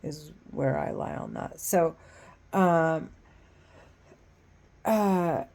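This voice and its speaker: A woman talking in a casual rambling monologue, profane and full of restarts, swinging between loud agitation and low muttering. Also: very slow, creaky.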